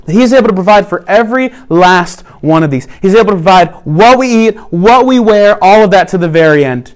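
A man preaching a sermon in an earnest way, slowing down to stress key points. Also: high-pitched, expressive. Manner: earnest preaching, slows down for emphasis. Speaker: pastor.

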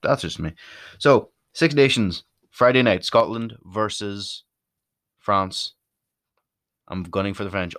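Irish guy rambling his opinions, kinda low voice, dry sound, pokes fun at himself. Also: takes it slowly, pauses often, fairly bright tone, no room sound. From Ireland. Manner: chatty, self-deprecating, rambling with restarts. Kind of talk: casual opinion monologue.

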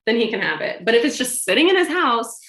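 A woman telling a long personal anecdote in casual chat, animated, laughing and acting out what others said. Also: on the high side, fast. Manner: animated, laughing, acts out quoted lines. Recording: roomy echo.

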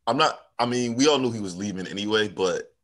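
A man's voice: lowish voice, quick pace, fairly bright tone. A man co-hosting a podcast in casual chat, laid-back and amused. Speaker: podcast co-host.

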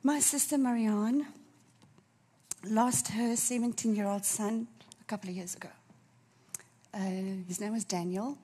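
A woman delivers a heartfelt sermon. Her voice is husky and sits fairly high. She preaches with fervent emotion and sinks to a soft near-whisper at tender moments. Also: fairly even intonation, a little slow, pauses often.

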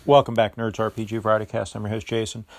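A man hosting a podcast, giving a relaxed, joking introduction. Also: lowish voice, fast. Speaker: podcast host.

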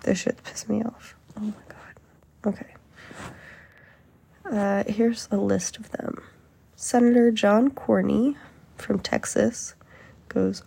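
A woman's voice: mid-range voice, fairly even intonation, takes it slowly, vocal fry, pauses often, dark tone, husky. A woman hosting a casual podcast, reading an article aloud in a chatty, amused way with frequent fillers. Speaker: podcast host.

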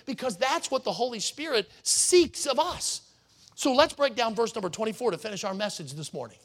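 Guy preaching a sunday sermon, pretty high voice, leans hard on key words. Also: expressive, fairly bright tone. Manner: emphatic preaching, slows down to stress words. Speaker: pastor.

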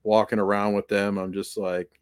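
A man co-hosting a podcast, telling stories in a casual, animated way and acting out what people said. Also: fairly low pitch, normal speed, a loud crowd. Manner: animated storyteller, acts out quotes. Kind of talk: casual chat.

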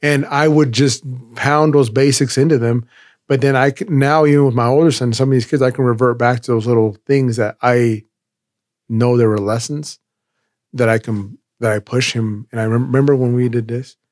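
A man's voice: mid-range voice, steady tone, normal speed, darkish tone, no echo, clean studio sound. A middle-aged man in casual chat, rambling and restarting his sentences as he tells stories.

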